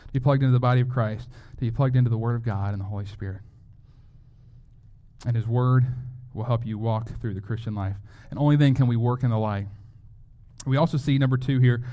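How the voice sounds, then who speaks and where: Mellow-voiced man preaching a sermon. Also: medium pitch. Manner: conversational preaching with rhetorical questions. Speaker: pastor.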